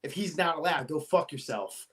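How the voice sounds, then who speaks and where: A man's voice: a little high, animated, moderate pace, close to an everyday voice. A man casually imitating a stubborn, loyal rural man who defiantly refuses an offer and swears. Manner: defiant, profane.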